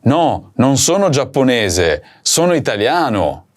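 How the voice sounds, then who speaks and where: A man runs a recorded language lesson in a sing-song, mid-range voice, pronouncing words one at a time, slowly, and repeating them for learners to practise.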